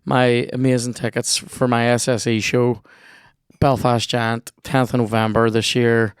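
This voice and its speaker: Northern irish man, young podcast host, cheeky and rambling, smooth resonant voice, dry close sound. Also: medium pitch, no echo. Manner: cheeky, rambling, swears freely. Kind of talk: casual podcast chat and ad read.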